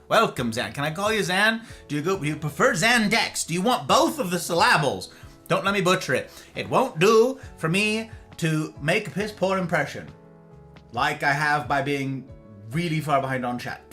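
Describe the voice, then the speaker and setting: A man's voice: a little high, big pitch swings, moderate pace, bright, forceful tone, faint music behind. A man hosting a casual livestream, chatting playfully and greeting viewers by name. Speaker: livestream host.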